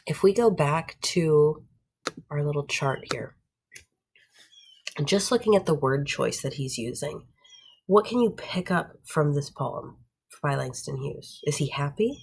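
A woman's voice: low-pitched, measured pace, creaky, a little mellow, husky. A woman teacher giving a recorded lesson to her students, often checking in with "right?" and "okay?".

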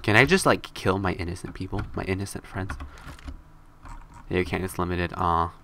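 Bright-voiced young male game streamer. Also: normal speed, a little hiss or hum. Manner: playful, jokey, squeals high when scared in the game. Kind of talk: live game streaming commentary.

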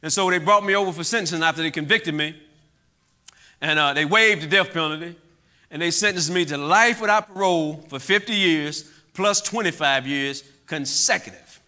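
A middle-aged man giving an impassioned testimony talk to a church audience, moving between loud outbursts and quiet, heavy moments. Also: a little high, moderate pace. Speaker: guest speaker. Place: church hall.

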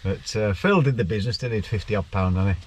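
A man's voice: lowish voice, fast, darkish tone, breathy edge. A man chatting as co-host, teasing and laughing often, in a parked van. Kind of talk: casual chat.

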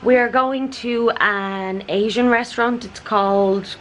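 A woman's voice: a little high, steady tone, takes it slowly, a bit bright, slight background noise, rough recording. A young woman with an Irish accent chatting casually as a travel vlogger, rambling with lots of fillers. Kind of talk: casual vlog chat. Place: outdoors on walks and indoors in a hotel.

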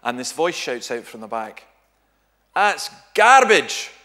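Scottish man, guest speaker, church teaching session, conversational, humorous, self-correcting, mid-pitched voice. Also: moderate pace, fairly bright tone. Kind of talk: informal church teaching talk.

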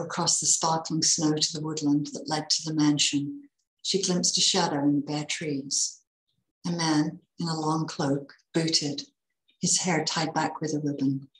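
Woman reading a holiday story aloud, low voice, echoey room.

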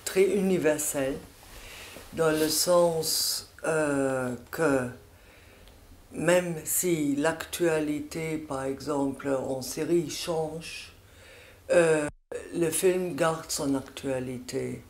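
A man with a fairly high voice speaks slowly and earnestly about a film, pausing often as he thinks. The sound is roomy and echoey. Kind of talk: spoken reflection on a film. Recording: echoey room.

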